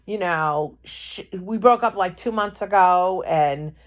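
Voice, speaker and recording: A woman's voice: fairly low pitch, slow pace. A woman quoting a stammering, evasive boyfriend. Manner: hesitant, stammering excuses. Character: evasive, defensive adult man, a boyfriend.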